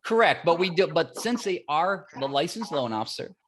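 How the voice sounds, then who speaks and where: A man as a guest on a podcast interview, explaining his business with animated stories and acted-out dialogue, often repeating phrases for emphasis. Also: fairly high pitch, moderate pace. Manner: animated storytelling, acts out dialogue. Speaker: mortgage platform guest.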